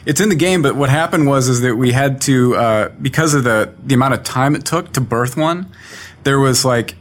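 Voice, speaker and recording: A man's voice: medium pitch, moderate pace. A man, a game developer, recalling his work in a casual interview with lots of fillers and rambling phrasing.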